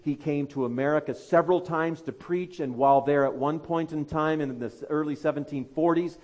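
A man delivering a sermon from the pulpit, his voice sitting slightly high for a man. He builds to loud, emphatic urging and then falls back to soft, low asides. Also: fairly quick. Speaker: pastor.

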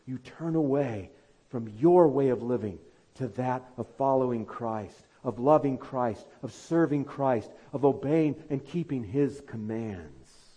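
A man preaching a sermon as pastor, fervently urging his listeners, then dropping to quiet, low asides. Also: measured pace, breathy edge.

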